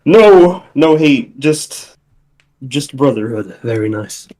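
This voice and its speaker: A man's voice: medium pitch, expressive, slow pace, dark tone, poor audio. A man hosting a livestream, chatting casually and rambling, breaking off mid-thought and swearing lightly. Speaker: livestream host.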